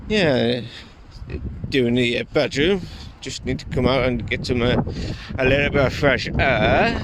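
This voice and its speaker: A man vlogging outdoors on a phone in wind and rain, rambling with many fillers and pauses. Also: medium pitch. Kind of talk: casual vlog chat. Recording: heavy wind noise on phone mic.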